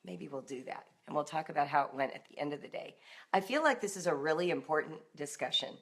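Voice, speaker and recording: A middle-aged woman hosting a live-streamed talk for parents, animated and now and then acting out emotional outbursts in a raised voice. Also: low voice, quick pace. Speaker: homeschooling author and host.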